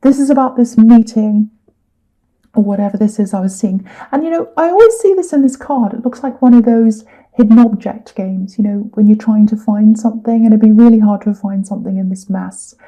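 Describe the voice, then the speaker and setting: Chatty lady doing a tarot reading, kinda high voice, super soft mellow sound, lots of ums. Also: fairly quick, poor audio. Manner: chatty, with fillers and repeated words. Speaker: tarot reader.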